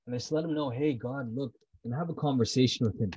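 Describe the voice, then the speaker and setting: A man's voice: medium pitch, racing, darkish tone, husky, highs cut off. A man talking about prayer in a heartfelt, personal way. He is intense and blunt, repeats himself, and swears freely.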